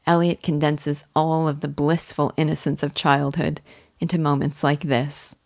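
Woman with a low voice talking thru a novel, earnest and admiring, super dry sound. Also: level tone, dry recording. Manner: earnest, admiring, measured reading. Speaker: literature guide. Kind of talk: scripted literary commentary.

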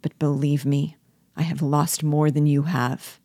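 A woman reading aloud, giving soft, sorrowful lines to a gentle male rebel leader. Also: sits low, level tone, a little slow, no room sound, studio quality.

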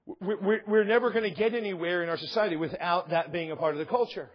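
Husky high-voiced preaching man. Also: quick pace, big-room sound, highs cut off. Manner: impassioned preaching with rising emphasis. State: losing his voice. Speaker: pastor. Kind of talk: sermon. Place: church sanctuary.

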